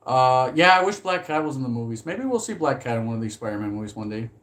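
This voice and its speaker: A man chatting casually on a live stream about films he loves, rambling with lots of "like" and swearing when he gets excited. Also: mid-range voice, fast talker.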